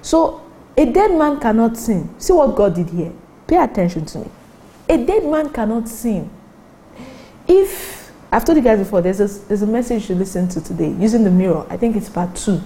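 Woman preacher, mellow and warm, teaching scripture with animated, pitch-jumping emphasis. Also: brisk, low-quality recording. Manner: animated, rising sharply in pitch for emphasis, asks listeners if they follow. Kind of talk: sermon teaching from the Bible.

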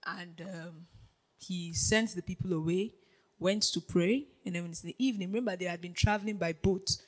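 A preacher giving a lively sermon, dropping to a hush and then rising to shouts, laughing often and checking in with the congregation. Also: medium pitch, normal speed, poor audio. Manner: animated, swings from hushed to shouting, laughs often; keeps checking in with the audience.

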